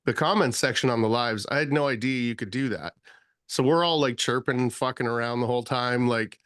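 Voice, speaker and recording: A man joins a podcast as a guest and talks in lively, joking banter, cursing often. His voice is mid-pitched. It is recorded dry and close to the mic. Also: fairly quick, dry recording. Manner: animated, swearing, laughing banter. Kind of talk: casual chat.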